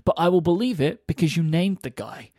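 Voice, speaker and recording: A man's voice: fairly high pitch, animated, a little fast, dark tone, dry recording, clean studio sound. A man co-hosting a podcast who explains his views earnestly and laughs easily while discussing a book. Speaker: podcast co-host.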